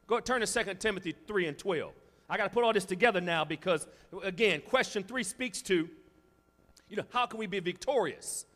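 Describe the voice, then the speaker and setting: A male pastor preaches a sermon in a fairly high, animated voice at a brisk pace. He climbs to shouted climaxes, then falls into quiet, confiding asides. The long reverb of a large hall rings around his voice.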